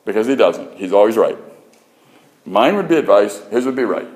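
A man's voice: on the low side, lively intonation, normal speed, a little mellow. A man preaching a sermon in a conversational way, with frequent restarts, building to emphatic points. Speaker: preacher and radio host.

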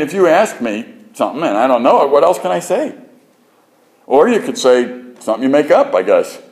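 A man's voice: medium pitch, darkish tone. A man preaching a sermon in a conversational way, with frequent restarts, building to emphatic points. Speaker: preacher and radio host.

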